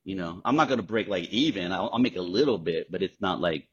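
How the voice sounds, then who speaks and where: Guy with a low husky voice telling wild stories on a podcast, swears a lot, kinda muffled lo-fi sound. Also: fast. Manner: candid, profane, animated anecdotes. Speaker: podcast guest, actor. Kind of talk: casual storytelling. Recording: dull lo-fi sound.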